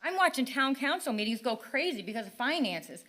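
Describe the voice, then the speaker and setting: A woman's voice: sits high, big pitch swings, a little fast, bright, forceful tone. A middle-aged woman making an impassioned, frustrated public comment at a town council meeting, pleading with rhetorical questions. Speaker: parent speaking at public comment.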